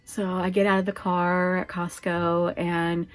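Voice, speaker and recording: A woman's voice: fairly low pitch, level tone, measured pace. A woman from Oregon chatting casually to camera at home as a vlogger, rambling and laughing often. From Oregon, USA. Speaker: lifestyle vlogger.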